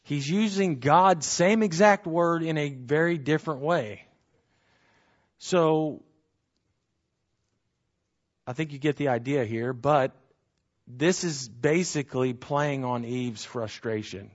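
Guy doing a casual bible study talk, animated, lots of rhetorical questions, kinda muffled audio. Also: medium pitch, slow, long pauses. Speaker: Bible teacher. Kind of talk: conversational Bible teaching.

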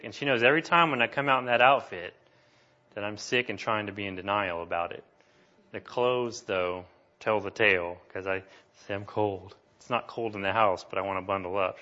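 A man's voice: mid-range voice, pushed and bright. A man preaching a sermon as pastor, earnest and building to emphatic declarations. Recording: dull lo-fi sound.

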